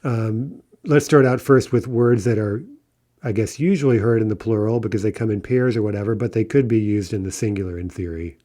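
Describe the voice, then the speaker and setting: Speaking briskly in a warm, fairly low voice, a man walks through word endings step by step in a recorded language lesson. Between examples he keeps checking in with "right?".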